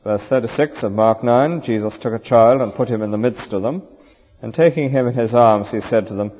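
A man's voice: medium pitch, brisk, darkish tone. A man preaching a sermon in an earnest, rhetorical way, often ending points with tag questions. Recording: dull lo-fi recording with long hall reverb.

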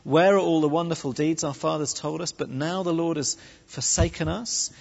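A preacher putting on a whining, fearful young man who yelps in high squeals and pleads. The voice sounds dull and echoey, as if recorded in a large hall. It has a husky edge. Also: normal speed. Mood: complaining.

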